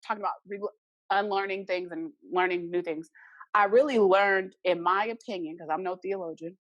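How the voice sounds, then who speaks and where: A woman's voice: on the low side, fairly even intonation, normal speed, no echo, lo-fi sound. A young adult woman, a podcast guest, earnestly telling a personal story and acting out the remembered dialogue.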